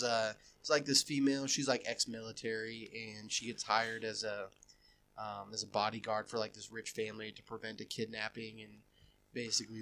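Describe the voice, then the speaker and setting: A man's voice: fairly low pitch, bright, forceful tone, slight background noise. A man co-hosting a podcast, chatting in a laid-back, wry way. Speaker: podcast co-host. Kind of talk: casual chat.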